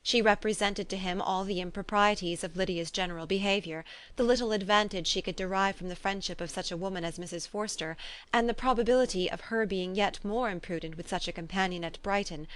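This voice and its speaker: Lady narrator reading an old novel audiobook, calm and even. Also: medium pitch, fairly quick. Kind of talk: scripted narration.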